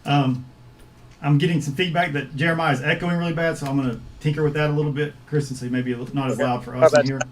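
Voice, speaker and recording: Easygoing man hosting a chat, fairly high voice. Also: fairly even intonation, slight background noise. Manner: easygoing, halting with frequent "uh" fillers. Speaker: host of a filmmakers' livestream. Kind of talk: casual chat.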